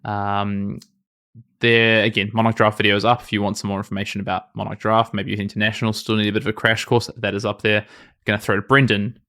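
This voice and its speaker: Fast, low-voiced man, late twenties, podcast co-host, chatty and self-mocking. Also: flat delivery, sharp tone. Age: late 20s. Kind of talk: casual podcast chat.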